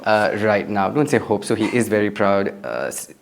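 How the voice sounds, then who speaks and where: An interview host who leads the conversation with short, supportive prompts and moves it gently to new topics. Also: deep voice, expressive, normal speed, gravelly, a little hiss or hum.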